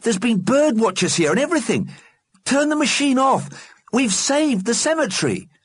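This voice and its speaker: In a studio-quality recording with no room sound, a man performs a full character voice pitched well above his own: an earnest, anxious young boy. The voice is very high, very animated and a little breathy at a normal speed, and it stammers when the boy gets worked up.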